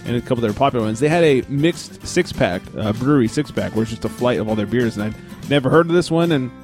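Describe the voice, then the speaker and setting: A man's voice: mid-range voice, expressive, fast talker, music in the background. Laid-back man hosting a casual podcast. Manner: laid-back, laughs often, rambling asides. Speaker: podcast host. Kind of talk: casual beer podcast chat.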